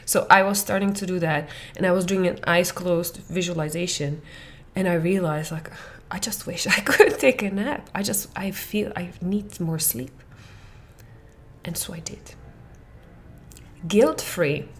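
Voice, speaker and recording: A woman hosting a parenting coaching podcast, talking in an animated monologue that swings between soft near-whispers and excited laughing bursts. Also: lowish voice, normal speed.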